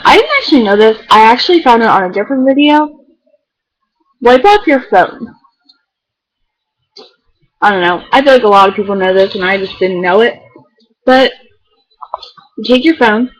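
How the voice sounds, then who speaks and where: A woman's voice: a little high, poor audio. A teenage girl chatting casually to the camera, rambling and filling her talk with "like". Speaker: beauty vlogger. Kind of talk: casual chat.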